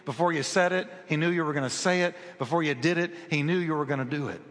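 A man preaching a sermon as an animated storytelling pastor who repeats phrases for emphasis, in a reverberant hall. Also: a little high, fast talker.

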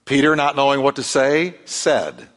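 A male pastor preaching a sermon, telling the story with lively emphasis and acting out the voices he quotes. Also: mid-range voice, moderate pace. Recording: long hall reverb.

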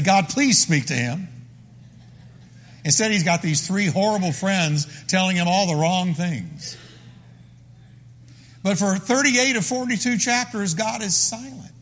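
A man's voice: high-pitched, a bit bright, in a large hall. A man preaching a sermon as the pastor, emphatic and full of repeated phrases.

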